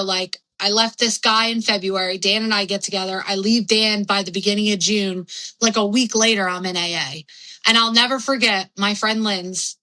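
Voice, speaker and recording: Young woman spilling her story on a podcast, bright edgy voice, rambly, swears a lot. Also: mid-range voice, rough recording. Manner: rambling and frank, heavy on fillers and swearing. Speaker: podcast guest. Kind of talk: candid personal storytelling.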